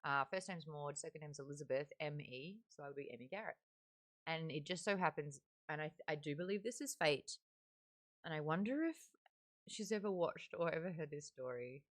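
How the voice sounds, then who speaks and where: With a low-pitched voice and lively intonation, an Australian woman talks at normal speed as she hosts a live-stream book club. She chats casually and reads out what viewers comment, using a desk mic positioned next to a webcam.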